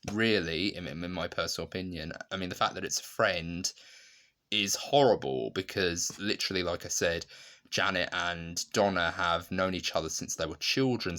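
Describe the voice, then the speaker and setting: Deep-voiced man reviewing a sitcom. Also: pushed and bright. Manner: chatty, with frequent fillers and restarts, laughing while retelling scenes. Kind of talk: casual spoken review.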